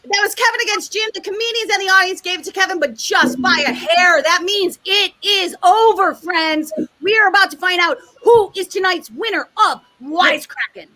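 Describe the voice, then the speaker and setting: A woman's voice: very high-pitched, normal speed, sharp tone, no echo. A woman hosting a live online comedy game show in a loose, chatty, sometimes swearing way, on a video-call mic.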